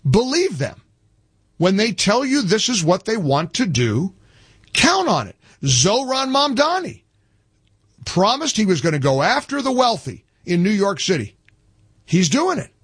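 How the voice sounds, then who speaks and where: A man's voice: high-pitched, slightly rough, no echo, studio quality. Emphatic male talk radio host. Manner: emphatic, scornful, punchy delivery.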